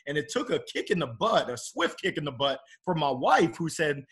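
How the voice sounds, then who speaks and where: A man's voice: on the high side, expressive, moderate pace, hardly any pauses, fairly bright tone. A middle-aged man speaking as a podcast guest in a casual, upbeat and motivational way about faith and his work.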